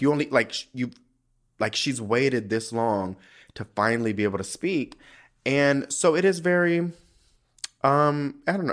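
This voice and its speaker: A man hosting a podcast, talking in a sassy, profane, animated way. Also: on the low side. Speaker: podcast host. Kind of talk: casual commentary.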